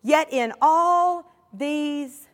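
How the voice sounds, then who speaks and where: A Southern US woman draws out her words in a high, fairly bright voice, and a long reverb tail trails her passionate sermon. She is emphatic, repeats phrases for effect, and calls to the congregation, prompting them to respond.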